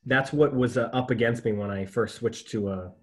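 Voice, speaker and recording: A man's voice: medium pitch, normal speed. A man hosting a podcast, chatty and telling stories with frequent laughs. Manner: chatty, storytelling, laughs often. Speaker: podcast host. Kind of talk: casual conversation.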